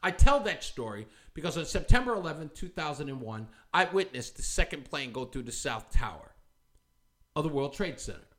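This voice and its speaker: A man's voice: on the high side, big pitch swings, moderate pace, fairly bright tone. A man hosting a commentary show, ranting in a heated, scornful, confrontational way. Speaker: talk show host.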